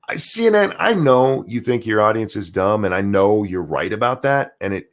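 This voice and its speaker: A man hosting a livestream, ranting profanely and sarcastically while reading chat comments. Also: fairly low pitch. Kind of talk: political rant livestream.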